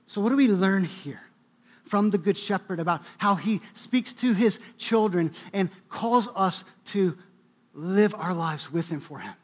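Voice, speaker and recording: A man's voice: sits high, expressive, unhurried, slightly rough. A male pastor delivering a sermon, preaching with bursts of emphasis and occasional restarts. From New England, US.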